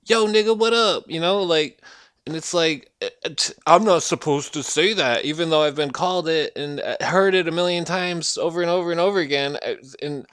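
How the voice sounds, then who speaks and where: A man's voice: on the high side, a little fast, a bit bright, clean tone, no echo, studio quality. A man rambling through a profane rant at home, swearing constantly, trailing off and restarting his sentences. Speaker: vlogger ranting to camera.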